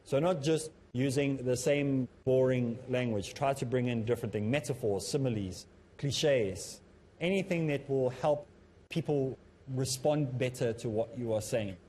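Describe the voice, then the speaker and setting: A man presenting a televised lesson on public speaking, talking in a measured, instructive way that he himself calls a bit monotonous. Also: medium pitch, a little hiss or hum. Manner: self-described as a bit monotonous. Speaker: Islamic teacher and TV presenter.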